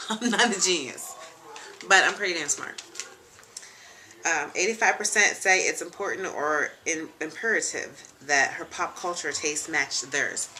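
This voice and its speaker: Young woman host, low voice with a bright forceful edge, frank and chatty, faint hiss behind. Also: lively intonation, measured pace. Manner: chatty, frank and joking, with frequent ums and asides. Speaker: web show host. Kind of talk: casual chat. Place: home room, seated in a leather chair.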